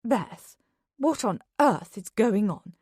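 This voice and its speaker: A warm, affectionate older woman friend in a thriller audiobook, as a woman reader puts her on. She speaks softly and fondly. The reading is close and dry. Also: mid-range voice, lively intonation, slow, breathy edge, dry recording. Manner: soft, affectionate.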